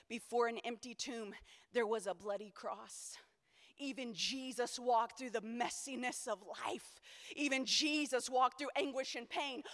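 A woman preaching a sermon, rising to shouted climaxes and dropping to quiet, joking asides with her listeners. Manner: swings between shouted high climaxes and quiet low asides; humorous, conversational asides to the congregation. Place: church conference hall.

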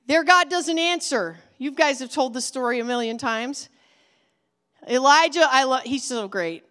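Animated high-voiced woman preaching. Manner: animated, acts out characters' lines with big swings in pitch and volume. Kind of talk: sermon storytelling.

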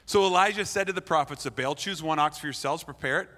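Blunt playful preacher in a big hall. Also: male voice, fairly high pitch, fast talker, pushed and bright. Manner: blunt, playful, acts out quotes. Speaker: pastor. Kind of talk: sermon. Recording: long hall reverb.

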